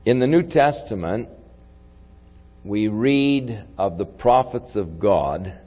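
A man preaching a sermon, reflective in tone and rising to forceful when he reads scripture aloud. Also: on the low side, lively intonation, takes it slowly, husky. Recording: long hall reverb, dull lo-fi sound.

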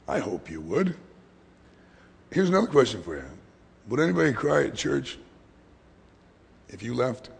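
Gravelly husky preacher in a reverberant hall. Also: male voice, mid-range voice, sing-song, measured pace, pauses often. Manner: dynamic preaching that swings from hushed whispers to loud emphatic lines. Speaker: pastor. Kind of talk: sermon.

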